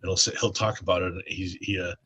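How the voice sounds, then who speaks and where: A man chatting casually on a stream, rambling and halting with restarts. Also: sits low, flat delivery, pushed and bright, breathy edge.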